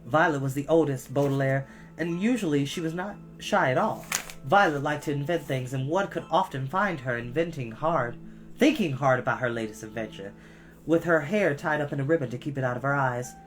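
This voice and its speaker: A storyteller reading a children's book aloud, pausing to cough and apologize. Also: medium pitch, faint music behind. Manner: expressive, with frequent coughs and apologies.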